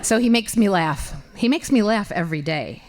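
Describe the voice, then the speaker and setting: A woman in her fifties tells a funny personal story on stage. Her pitch swings widely, and she shifts between fond warmth and wide-eyed disbelief. Her voice sits at a middle pitch for a woman. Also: moderate pace, background noise. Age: 50s. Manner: animated, comic, incredulous storytelling. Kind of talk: personal storytelling before an audience.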